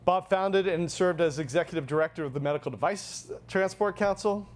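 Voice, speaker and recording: A man's voice: high voice, brisk. A man delivering a prepared, earnest tribute speech as he presents an award at an event. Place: event venue.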